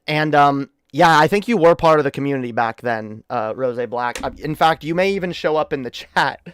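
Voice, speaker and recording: A man's voice: a little high, moderate pace, a little hiss or hum. Boastful, tipsy man streaming. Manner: boastful, excitable, profane. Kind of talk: reaction livestream commentary.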